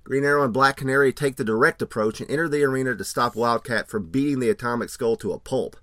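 A man's voice: mid-range voice, quick pace, a bit bright, no echo, clean studio sound. A man co-hosting a podcast, chatting casually with laughs and reading an episode recap and credits. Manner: laughs often, reads credits and plot summary. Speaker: podcast co-host.

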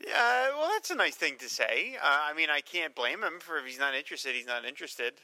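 A man co-hosting a podcast, reading listener mail with a dry, low-key humor. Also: very animated, fairly quick, sharp tone, no room sound, low-quality recording. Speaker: podcast co-host. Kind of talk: casual podcast chat.

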